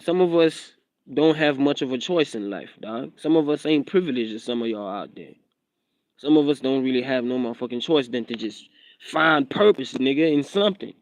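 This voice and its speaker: A man's voice: fairly high pitch, no room sound. A young man from Eswatini, a rapper and content creator, rambling defiantly on a phone livestream with a South African accent tinged American. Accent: South African, with an American twang. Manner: rambling, repeats himself, defiant street talk. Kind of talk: casual livestream vlog. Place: outdoors in drizzle, hunched over phone.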